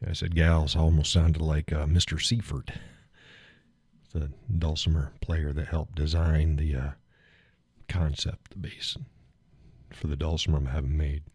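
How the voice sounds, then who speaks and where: A man's voice: very deep voice, flat delivery, a little slow, darkish tone, breathy edge, dry recording, clean studio sound. A man hosting a live stream, chatting casually with viewers in a rambling, folksy way and chuckling often.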